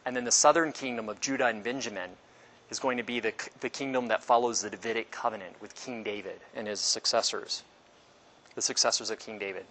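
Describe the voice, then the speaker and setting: There's slight background noise as a man with fairly even intonation and a fairly bright tone teaches a casual Bible class at a fairly quick pace. He talks conversationally, asks the class questions, and acts out quotes with jumps in pitch.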